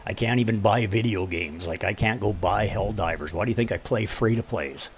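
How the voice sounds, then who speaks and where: Male streamer, low and gravelly, emotional and blunt, dull stream mic with faint hiss. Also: a little fast, hardly any pauses. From Canada. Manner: candid, emotional, swears often. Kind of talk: casual chat. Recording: lo-fi stream audio with faint noise.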